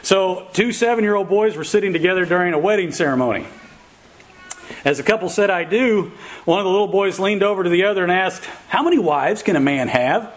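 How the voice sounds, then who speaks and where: A man's voice: high-pitched, fast, rough recording. A man preaching a sermon in a casual, folksy way, with fillers and chuckles at his own jokes before turning to scripture. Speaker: pastor.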